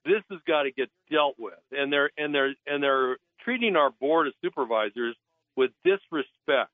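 Speaking at a moderate pace in an expressive mid-range voice, this naturalist calls into a radio talk show over the phone. He's blunt and indignant and lampoons officials with mocking voices, recorded dry.

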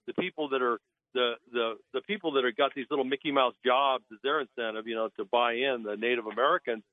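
A man's voice: mid-range voice, steady tone, fast, no room sound. Indignant man on a tinny phone line. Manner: indignant, blunt, mocks officials in put-on voices. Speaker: naturalist guest. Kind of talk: call-in radio talk.

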